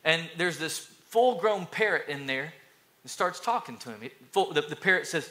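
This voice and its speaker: A male pastor delivers a sermon with a high, ringing voice. He preaches with energy, repeating phrases and working stories into his message. The tone stays bright and forward throughout. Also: fairly quick. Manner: energetic preaching with repetitions and storytelling.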